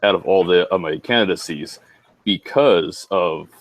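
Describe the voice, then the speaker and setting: A man in a casual group chat, speaking in a measured way with frequent hesitations. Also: sits low.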